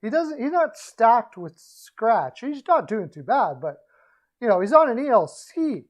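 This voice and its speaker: A man's voice: very high-pitched, very animated, measured pace, highs cut off. A man hosting a casual hockey livestream, rambling and opinionated, often restarting his sentences. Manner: rambling, opinionated, self-correcting. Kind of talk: casual sports betting and hockey rant.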